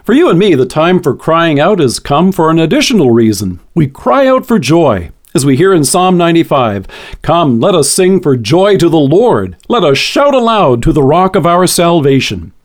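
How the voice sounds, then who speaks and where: A man reading a scripted devotional, quoting scripture in a measured, earnest way. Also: fairly high pitch, big pitch swings. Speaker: devotional speaker.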